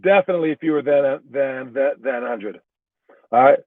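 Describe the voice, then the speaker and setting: A man's voice: mid-range voice, moderate pace, dry recording. A man giving a casual motivational talk as a youth basketball trainer, rambling and restarting his words as he goes. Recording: tinny phone-like sound, dry.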